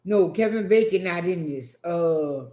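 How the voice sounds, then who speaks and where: A man telling a profane, animated story in a casual rant, acting out what people said. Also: high-pitched, unhurried. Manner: profane, animated, acts out quotes. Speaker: vlogger. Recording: echoey room.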